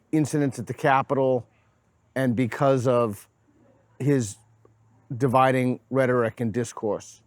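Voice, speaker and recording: A man's voice: mid-range voice, no room sound. A man with a Boston accent hosting a casual street interview, playful and teasing. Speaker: host. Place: outdoors on a college campus.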